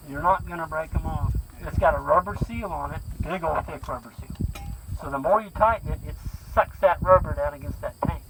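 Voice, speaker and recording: A man's voice: on the high side, a little fast, gravelly. A man who farms, teaching a group out on a pasture in a folksy, plain-spoken storytelling way. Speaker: farmer teaching a grazing school. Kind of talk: outdoor teaching talk to a group. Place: outdoors on a farm pasture. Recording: loud outdoor noise, far mic.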